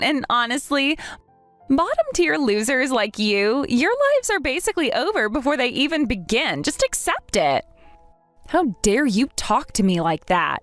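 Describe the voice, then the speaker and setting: A synthetic female voice, on the high side and without room sound, reads a text-message story. She plays two young female school rivals trading sharp, bickering lines.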